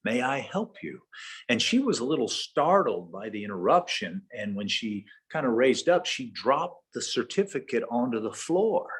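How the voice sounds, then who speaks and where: A man's voice: medium pitch, sing-song, normal speed, few pauses, husky. A man giving a conversational leadership talk over a video call, folksy, with tag questions, telling stories. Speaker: leadership trainer, webinar speaker. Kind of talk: conversational lecture with storytelling.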